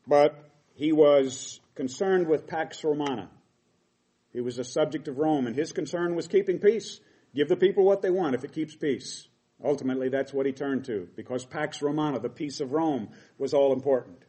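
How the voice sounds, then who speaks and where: A man's voice: on the high side, moderate pace, warm tone. A middle-aged man preaching a sermon, reading scripture aloud and explaining it with emphatic quoted lines.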